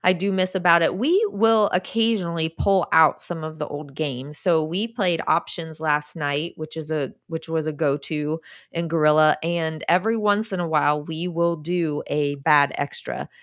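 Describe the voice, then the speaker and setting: A woman in her forties, an improv performer talking casually as a guest, telling animated stories with laughter. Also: sits low, normal speed, no room sound, studio quality. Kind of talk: casual conversation.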